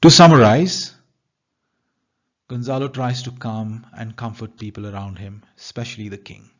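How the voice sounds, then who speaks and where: Indian English teacher, lo-fi recording. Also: male voice, mid-range voice, expressive, normal speed. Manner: explains line by line, paraphrasing in plain words. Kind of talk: literature lecture, reading and paraphrasing lines. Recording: dull lo-fi recording.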